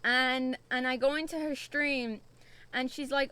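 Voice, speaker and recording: A young woman from the UK chats her way through a spooky VR game, drawing each word out slowly in a bright, sharp voice. She swears freely and jumps at every little scare. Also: high voice, clear, resonant tone. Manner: chatty, swears often, jumpy and excitable. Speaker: VTuber streamer. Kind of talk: casual VR game stream.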